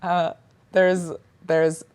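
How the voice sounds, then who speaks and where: A male musician with a naturally high voice, chatting casually in an interview, full of likes and ums and quick to laugh. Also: flat delivery, clean tone. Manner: chatty, filler-heavy with frequent likes and ums, laughs easily. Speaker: musician guest.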